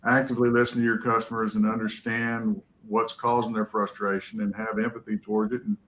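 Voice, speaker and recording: A man speaks on a panel in an earnest way, coming back to the same point. His delivery is flat and low. A faint rumble sits under the recording. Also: fairly quick, rough recording. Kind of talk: panel discussion.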